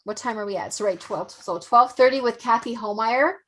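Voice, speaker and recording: A woman's voice: on the high side, a little fast. A woman hosting an online event, gushing and effusive, repeating her praise. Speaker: event host.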